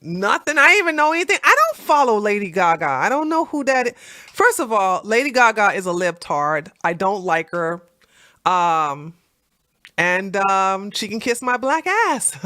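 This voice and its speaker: A woman hosting a casual political chat livestream, animated and laughing, with lots of fillers and restarts. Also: mid-range voice, no room sound, clean studio sound. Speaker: livestream host.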